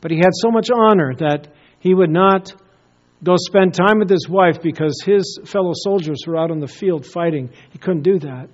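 A male pastor delivers a sermon, telling a story in an earnest, storytelling manner. His voice sits somewhat high, and he swings from emphatic peaks down to hushed, solemn passages. The recording sounds dull and lo-fi. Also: normal speed.

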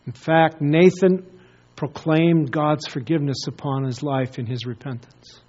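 A male pastor delivers a sermon, telling a story in an earnest, storytelling manner. His voice sits somewhat high, and he swings from emphatic peaks down to hushed, solemn passages. The recording sounds dull and lo-fi. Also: steady tone, unhurried.

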